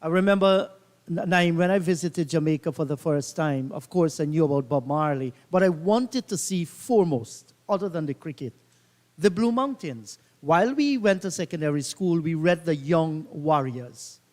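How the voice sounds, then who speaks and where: A man's voice: on the high side, normal speed, a little mellow, in a large hall. A man doing live cricket commentary, telling leisurely reminiscing anecdotes between deliveries.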